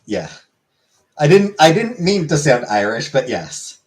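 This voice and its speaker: A man's voice: a little high, very animated, measured pace. Rambling man in casual stream chat. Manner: rambling, self-correcting, trailing off.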